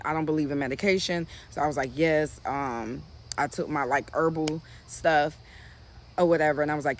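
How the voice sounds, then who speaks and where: A woman, talking casually to her viewers about what happened to her, animated and indignant, calling them y'all. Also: low voice, slight background noise. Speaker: vlogger. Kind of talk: casual storytime to camera. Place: outdoors.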